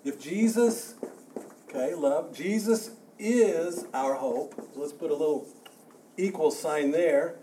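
A man leads a church Bible class with a mellow, warm tone that sits a touch higher than most men's. He talks conversationally, often doubling words and restarting sentences as he works through his points. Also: slow, slight background noise. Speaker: Bible study teacher.

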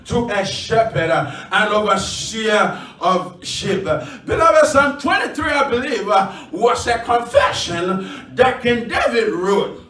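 A man's voice: high-pitched, very animated, slow, bright, forceful tone. A man preaching a sermon to a congregation, talking emphatically with many filler sounds and leading call-and-response. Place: church. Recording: echoey room, from far off.

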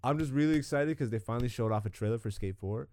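A man hosting a casual home chat, rambling, profane and quick to laugh. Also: mid-range voice, darkish tone, dry recording, studio quality. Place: home gaming room.

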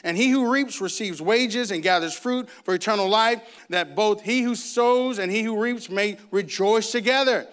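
A man preaching a sermon, reading scripture and telling stories with lively acted-out voices. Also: sits high, normal speed, few pauses, clear, resonant tone. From grew up in a Baptist church. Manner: animated storytelling, acts out voices.

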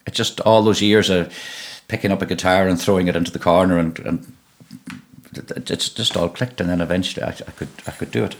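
A middle-aged Irish man with a Donegal accent, telling stories in an interview in a relaxed way, often repeating and restarting words. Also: sits low, brisk, creaky. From Ireland (Donegal). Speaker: musician guest. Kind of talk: conversational interview.

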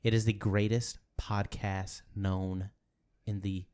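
A man hosting a casual comedy podcast with a fairly low voice. He hypes the show like a goofy showman, joking with his co-host and guest. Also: level tone, takes it slowly, a little mellow, smooth.

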